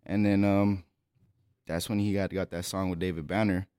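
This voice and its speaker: A man with a lowish voice tells his own stories as a podcast guest, in slangy, profane, easygoing talk. He laughs his way through the funny parts. The recording is dry and close, with no room sound. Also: little pitch movement, normal speed, mellow, clean tone, no echo. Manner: loose, profane storytelling with lots of slang; laughs while telling stories. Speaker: rapper telling his story as a guest. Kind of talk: casual podcast conversation.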